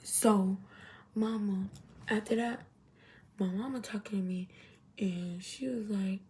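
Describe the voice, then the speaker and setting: A young adult woman telling a storytime to her viewers in an animated, chatty way. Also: medium pitch, slow pace, a little hiss or hum. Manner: animated, chatty, heavy use of 'literally' and 'y'all'. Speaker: vlogger. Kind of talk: casual storytime.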